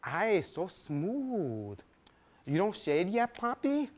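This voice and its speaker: Sultry, teasing salon woman voiced by a male storyteller, slow and lifted high. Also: very animated, heavily acted. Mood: teasing flirt. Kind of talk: live storytelling reading.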